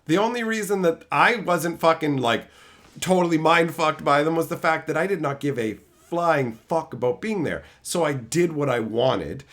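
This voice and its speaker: Animated, profane man telling stories. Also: a little high, normal speed. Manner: profane, animated, mimics coworkers in quotes. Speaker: streamer host. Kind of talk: casual storytelling rant.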